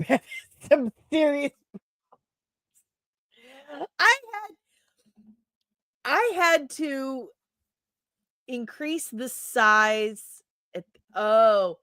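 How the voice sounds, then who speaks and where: A woman hosts a live chat show and reads viewers' comments aloud, answering each one in a chatty, rambling way. She adds quick asides and often laughs at herself. Her voice sits at a middle pitch, and the recording is dry and close. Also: a bit bright, dry recording. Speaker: host.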